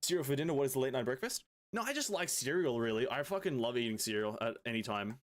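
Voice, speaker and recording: A young Australian man talks to his viewers while he plays, easygoing and a little rambling. He drops casual swears into the chat. His voice sits at an ordinary middle pitch for a man. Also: lively intonation, quick pace. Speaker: gaming streamer.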